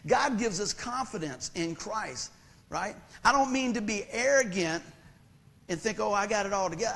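A man's voice: high voice, creaky, a bit bright. A middle-aged preacher man, preaching a sermon in a folksy, conversational storytelling way.

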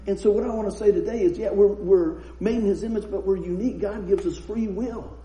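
A man with a high voice preaches in a roomy, echoing space. He mixes scripture with chatty, laughing anecdotes. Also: fairly quick, dark tone. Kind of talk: sermon with humorous storytelling. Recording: roomy echo.

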